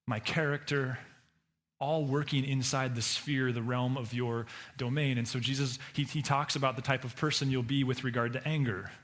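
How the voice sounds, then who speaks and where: A man's voice: steady tone, normal speed, fairly bright tone. A man preaching a sermon as pastor, in a conversational way with many restarts and repeated words. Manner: acts out quoted voices with sudden pitch jumps.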